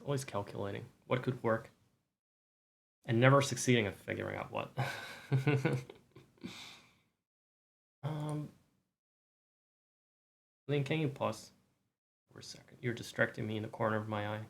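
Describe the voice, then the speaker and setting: Male streamer with a mid-range voice, soft, rambling, self-deprecating, low-key chat. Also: gravelly. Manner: soft-spoken, rambling, self-mocking with light laughs. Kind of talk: quiet casual chat.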